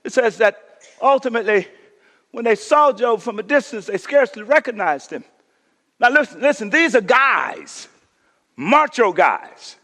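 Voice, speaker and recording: High-voiced preaching pastor in a reverberant hall. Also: male voice, expressive, unhurried. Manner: call-and-response preaching, drops to a hush for emphasis. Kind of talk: sermon. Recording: long reverb in a church hall.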